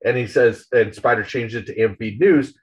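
A man's voice: mid-range voice, normal speed, highs cut off. A man co-hosting a podcast, casually retelling a comic story in an amused, chatty way. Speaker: podcast co-host.

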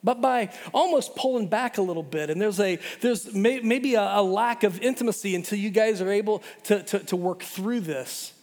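A middle-aged man preaching a sermon in an animated way, often repeating words and restarting. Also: sits high, moderate pace, hardly any pauses. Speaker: pastor. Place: church hall. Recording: long hall reverb.

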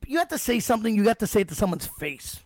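A man's voice: high-pitched, fast, no echo, clean studio sound. A man in his forties, a podcast host, telling stories in casual chat, swearing freely and acting out what people said. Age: 40s. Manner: animated, profane storyteller who acts out quotes.

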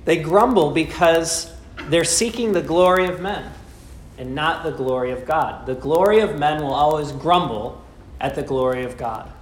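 A man preaches a sermon in a fairly high voice, posing rhetorical questions and leaning on dramatic pauses. His voice rings through an echoey room over a faint background hum.

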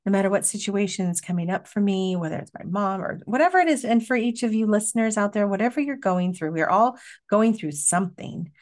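A woman's voice: medium pitch, lively intonation, fairly quick. A woman co-hosting a podcast who affirms her partner and encourages the listeners. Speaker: podcast co-host. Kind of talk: supportive conversational podcast talk.

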